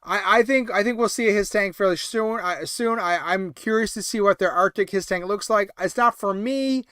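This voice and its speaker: A man's voice: high-pitched, normal speed, bright, forceful tone, clean tone, no room sound, clean studio sound. A tired man hosting a late-night livestream about toy collecting, chatting casually and rambling with lots of fillers and restarts.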